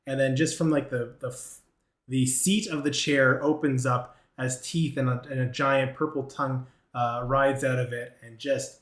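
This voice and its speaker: A man's voice: medium pitch, normal speed. Game master man in an echoey room. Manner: relaxed, hesitant with many ums. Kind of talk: narrating a tabletop game.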